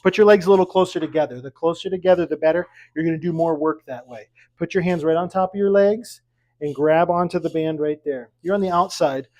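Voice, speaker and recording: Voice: mid-range voice, a little fast, a little mellow. A fitness instructor leading a seated exercise class at home, counting reps aloud and coaching with light jokes. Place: at home with pets around.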